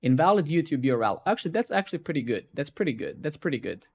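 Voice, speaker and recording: A man live-streaming his coding, ranting and swearing in a casual way, tagging his sentences with "right?" and "man", then muttering quietly as he debugs. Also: on the high side, very animated, quick pace, vocal fry, slightly rough.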